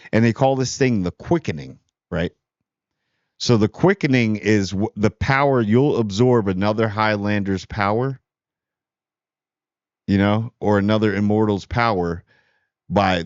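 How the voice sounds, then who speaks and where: A man's voice: lowish voice, dry recording. A man hosting a movie channel, talking casually and rambling, often restarting and correcting himself mid-sentence. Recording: dull lo-fi dry sound.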